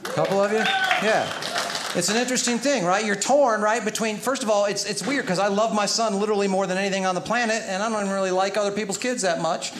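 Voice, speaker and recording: A stand-up comedian with a slightly high voice tells animated stories about coaching and parenting. He slips into the voices of the people in his stories. The sound is roomy, with a live audience clearly audible. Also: fast talker, background noise. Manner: animated storytelling, acts out his son and other parents. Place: theater stage before a live audience. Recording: roomy hall with audience laughter. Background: crowd laughter.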